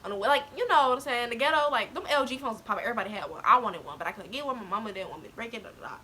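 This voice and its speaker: A woman's voice: on the high side, racing. A young adult woman vlogging, telling a personal story to her viewers casually, laughing often and slipping close to tears. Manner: animated, laughing often, swings into near-crying.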